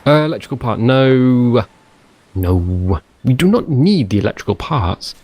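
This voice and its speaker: In this casual let's play, a gaming channel host rambles chattily about his own gameplay, talking to himself. He's very animated yet keeps a measured pace, his medium-pitched voice a little mellow, and there's no room sound at all.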